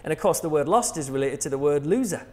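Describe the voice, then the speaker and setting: An English man gives a sermon in a relaxed, conversational style, with a voice pitched a touch above average. He keeps it light, joking with the congregation and laughing at his own lines. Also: fast. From England. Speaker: preacher.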